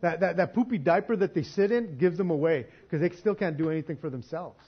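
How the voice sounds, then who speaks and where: A man's voice: a little high, fairly quick, breathy edge, lo-fi sound. Conversational man preaching a sermon. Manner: casual, conversational preaching with frequent restarts and laughs. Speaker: pastor. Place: church.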